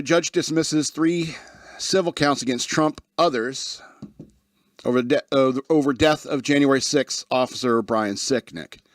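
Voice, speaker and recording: A man hosting a talk radio show who reads news stories aloud, stumbling over names and cutting in with sarcastic remarks. His voice sits at a medium pitch and the recording is close and dry. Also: dry recording. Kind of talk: casual news commentary.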